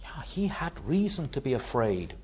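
A man preaching a sermon, dramatic, swinging from hushed words to loud ones. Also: mid-range voice, very animated, normal speed, breathy edge, dull audio.

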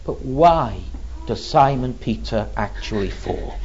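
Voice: mid-range voice, expressive, slow pace, a little mellow. A preacher giving a sermon, retelling a story in an earnest, vivid way, on a dull lo-fi recording.

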